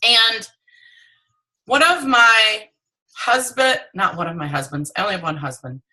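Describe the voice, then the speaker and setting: Middle-aged woman team leader, bright voice, lively storytelling pep talk into her phone. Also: measured pace, low-quality recording. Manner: animated, acts out dialogue with high excited voices. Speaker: direct sales team leader. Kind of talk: motivational training talk.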